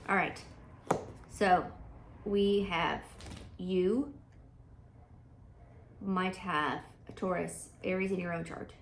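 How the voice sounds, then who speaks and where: A woman's voice: fairly low pitch, steady tone, takes it slowly, pauses often, slight background noise. A woman giving a casual, chatty tarot reading, thinking aloud with frequent fillers and restarts. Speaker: tarot reader.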